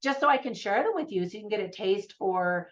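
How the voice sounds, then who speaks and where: Host: woman film reviewer, chatty and upbeat, mid-pitched, slightly muffled recording. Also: expressive, fairly quick. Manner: chatty and enthusiastic, laughs often. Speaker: movie reviewer. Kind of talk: casual spoken film review. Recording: slightly dull lo-fi sound.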